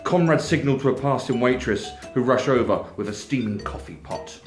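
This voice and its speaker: A man reading his own comedy novel aloud in a steady, measured narration. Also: medium pitch. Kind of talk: audiobook narration. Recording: echoey room, faint music.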